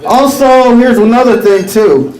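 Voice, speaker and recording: A man performing a stand-up comedy set, rambling and animated with lots of filler phrases. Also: extremely high pitch, measured pace, roomy sound, poor audio. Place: comedy stage.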